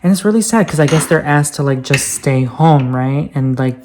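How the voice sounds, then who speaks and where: A man's voice: a little high, animated, normal speed, background noise. A man with a light voice that others call girlish, talking casually in a rambling, playful vlog full of fillers. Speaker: vlogger.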